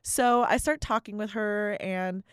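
A woman's voice: mid-range voice, fairly even intonation, unhurried, clear, resonant tone, no room sound, clean studio sound. A young woman co-hosting a podcast, telling work stories in casual, profane chat. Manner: profane, storytelling, laughs often. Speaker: podcast co-host.

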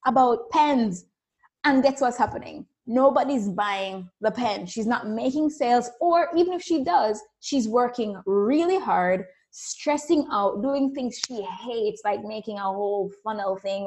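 A woman giving a casual motivational talk on intuition and business, telling stories and acting out the people she quotes. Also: on the high side. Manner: animated storytelling, acts out quoted voices. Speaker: spiritual business coach.

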